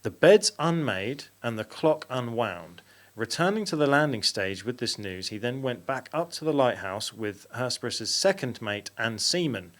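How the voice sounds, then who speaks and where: A man's voice: mid-range voice, very animated, normal speed, hardly any pauses. Man, podcast host, reading facts aloud, casual chat, self-correcting.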